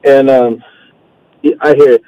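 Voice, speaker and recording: A man's voice: mid-range voice, fairly even intonation, slow pace, clear, resonant tone, no echo. A man calling in to a sports radio show, telling a story casually and acting out the voices. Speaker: caller. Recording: dull phone-line sound.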